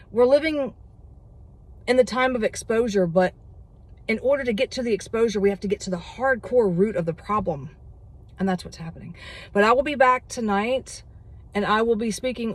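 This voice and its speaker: Solo vlogger, middle pitch, excitable rambling delivery. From United States. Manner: excitable, gets worked up, rambling. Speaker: prediction vlogger. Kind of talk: casual solo monologue.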